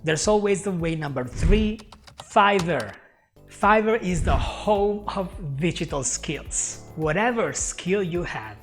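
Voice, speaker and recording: An English teacher who is not a native speaker, giving job tips to camera in an upbeat way and often calling the viewer "my friend". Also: male voice, fairly high pitch. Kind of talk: talking to camera, tips video. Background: faint music.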